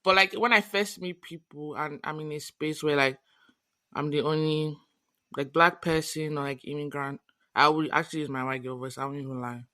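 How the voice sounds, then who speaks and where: A woman's voice: low-pitched, steady tone, bright, forceful tone. Bubbly young woman podcast co-host. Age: young adult. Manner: bubbly, laughing, quick asides. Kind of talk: casual chat.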